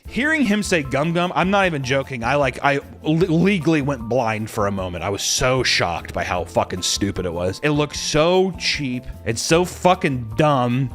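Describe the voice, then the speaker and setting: A man's voice: medium pitch, lively intonation, moderate pace, hardly any pauses, fairly bright tone, soft background music. A man ranting casually as a commentator, profane and exasperated, mocking what he talks about. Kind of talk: casual rant.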